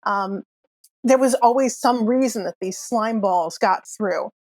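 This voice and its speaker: A woman's voice: medium pitch, unhurried, a little mellow, no room sound. A woman voicing a weary older male coffee-van vendor who talks hesitantly and confides reluctantly, in a tabletop game. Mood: confiding.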